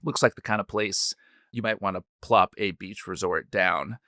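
A man's voice: low voice, normal speed, pushed and bright, dry recording, clean studio sound. A man co-hosting a podcast, playful and teasing, explaining history in casual chat. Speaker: podcast co-host.

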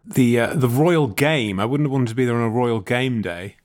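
A man's voice: mid-range voice, normal speed, a little mellow. A British man co-hosting a podcast in casual chat, playful and rambling with many restarts. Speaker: podcast host.

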